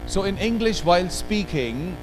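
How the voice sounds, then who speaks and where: An Indian man giving an animated workshop lecture, drilling words aloud with the audience. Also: high voice, moderate pace, background noise. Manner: animated, drills words aloud, code-switches into Hindi asides. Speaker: workshop trainer. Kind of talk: lively classroom workshop lecture.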